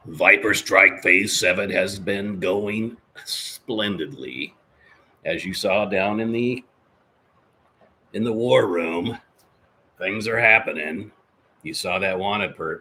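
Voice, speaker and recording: Low-voiced man hosting a chatty podcast. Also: slow, long pauses, bright, forceful tone, a little hiss or hum. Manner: jokey and rambling. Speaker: podcast host. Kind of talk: casual live-stream chat, reading viewer comments.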